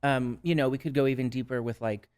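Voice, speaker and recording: A Minnesota-accented man who counsels people on substance use tells his own story as a podcast guest, earnest and reflective, with frequent "right?" check-ins in a casual conversation. His medium-pitched voice is steady, darkish, and clean, and he speaks at a quick pace.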